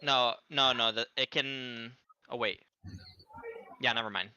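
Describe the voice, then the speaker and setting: A man's voice: mid-range voice, fairly even intonation, measured pace, sharp tone, muffled recording, slight background noise. A man playing a tabletop game, eagerly describing his character's actions and arguing the rules. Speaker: player. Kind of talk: casual tabletop play.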